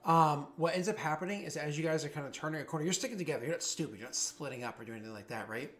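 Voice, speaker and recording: Male game master, slightly higher voice, rambling casual narration, drops into raised jeering voices for thugs. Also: racing, fairly bright tone. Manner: rambling, many fillers and restarts.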